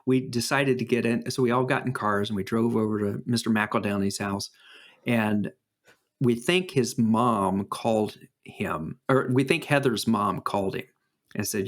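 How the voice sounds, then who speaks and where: A man co-hosting a podcast who tells stories in a casual, animated way, with frequent fillers and restarts. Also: medium pitch, normal speed. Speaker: podcast co-host. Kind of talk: casual chat and storytelling.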